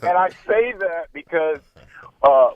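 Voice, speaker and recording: A man guesting on a radio show, telling stories in an animated way with many restarts. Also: a little high, measured pace. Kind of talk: casual radio interview. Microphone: phone line. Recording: phone-line call, dry.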